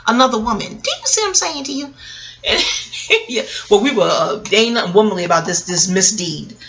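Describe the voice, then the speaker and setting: A middle-aged woman vlogger telling a story in a casual monologue, profane, animated and wisecracking. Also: medium pitch, fairly quick, a little hiss or hum.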